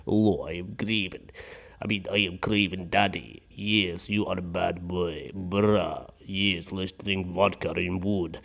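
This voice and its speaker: A man putting on a pompous middle-aged villain dad with a mock Russian accent, slow and heavy, in a mocking send-up. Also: sits low, steady tone, creaky, a bit bright, pitched below the performer's own voice, full character voice.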